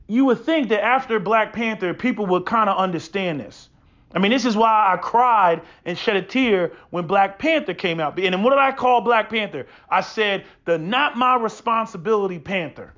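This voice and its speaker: A man's voice: high-pitched, a bit bright. A man in a profane, preachy opinion monologue who often stumbles into repeated restarts. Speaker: podcast host. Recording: dull lo-fi sound.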